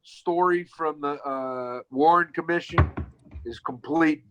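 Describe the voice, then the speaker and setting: A man's voice: fairly high pitch, slow pace, noisy background. A man co-hosting a casual podcast, blunt and skeptical with plenty of swearing. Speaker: podcast co-host.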